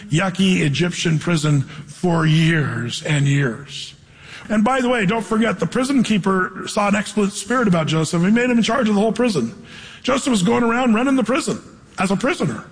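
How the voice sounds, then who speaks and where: A man preaching a sermon, reading scripture and then retelling the story in a casual, animated way with playful asides. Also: high voice, a little fast, slightly rough, in a large hall, low-quality recording.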